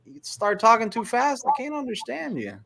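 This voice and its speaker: A man's voice: very high-pitched, very animated, vocal fry, sharp tone. A man from Texas with a Texan accent, a trucker hosting a casual livestream chat and reading viewer comments aloud. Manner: talks slowly, rambling storytelling.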